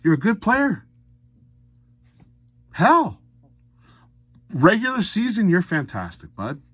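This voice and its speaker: A man delivering an opinionated hockey recap with a wildly animated pitch that leaps up when he rants and drops low when he mutters. His voice sits close and dry on the mic, with no room around it. He sounds blunt and exasperated throughout. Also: takes it slowly, breathy edge, no room sound. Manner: blunt, exasperated, swings from muttered asides to loud ranting. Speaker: sports commentary vlogger.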